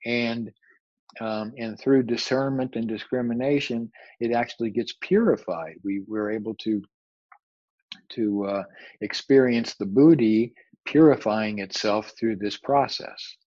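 A man's voice: medium pitch, steady tone, a little slow, darkish tone, dry recording. A man giving a spiritual lecture as a teacher, reflective and searching for his words, often repeating phrases. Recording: dull, slightly muffled recording.

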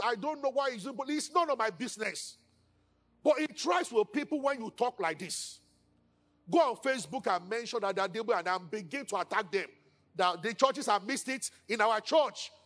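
A man's voice that sits high carries a Nigerian accent as he preaches a sermon as pastor. He's lively, performing quoted lines in a hushed manner.

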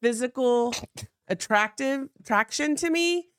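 A woman of about fifty co-hosts a comedy podcast, trading bawdy jokes and laughing at her own lines. Her voice is smooth and clear and swings lively up and down. The sound is dry and close, with no room echo. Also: high voice, unhurried. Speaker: podcast co-host. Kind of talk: casual comedic chat.

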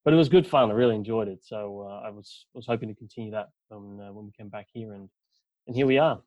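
Talking fast in a fairly low, darkish voice, a Dutch guest from the Netherlands represents a club on a casual podcast. His accent has a partly Australian tinge, and he rambles with lots of fillers. The audio is muffled and dry, without room sound.

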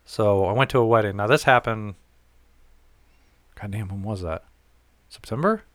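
A man's voice: lowish voice, normal speed, a bit bright, no room sound. A man in casual conversation, telling a long story in a rambling, self-correcting way and swearing freely.

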